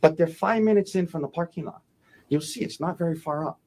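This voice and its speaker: A man's voice: on the high side, fairly quick, darkish tone. A man, a defense attorney, giving a courtroom opening statement, emphatic and repeating key phrases for effect.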